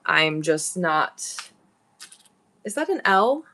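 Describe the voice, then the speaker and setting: Fast-talking, bright-voiced woman seller. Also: lowish voice, big pitch swings. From upstate New York. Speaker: online auction seller. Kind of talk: live-stream selling chat.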